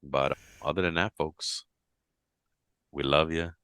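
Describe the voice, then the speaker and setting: Super deep guy on a podcast, bright forceful tone, dry close sound, gets animated and jumps way up high when acting stuff out. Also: takes it slowly, smooth, dry recording. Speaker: podcast co-host. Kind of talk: casual podcast chat.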